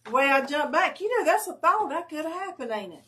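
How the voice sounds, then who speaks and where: A woman's voice: high voice, fairly quick, far from the mic. A woman, chatting casually as a livestream guest and telling stories with a laugh at herself. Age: 50s. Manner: lively storytelling, laughs at herself. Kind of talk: casual chat.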